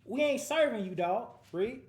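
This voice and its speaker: A man's voice: very high-pitched, expressive, moderate pace, a little mellow. A man leading a Bible class, commenting on each verse read aloud in loose street slang and telling the class to read on. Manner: slangy, street-talk asides. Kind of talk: lively scripture commentary. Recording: roomy echoing room.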